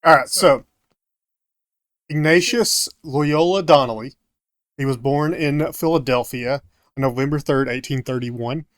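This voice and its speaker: A man's voice: medium pitch, measured pace, long pauses, dry recording. Hesitant man presenting notes, dry sound. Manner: hesitant, many fillers and self-corrections. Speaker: podcast co-host presenting research. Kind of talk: casual podcast chat.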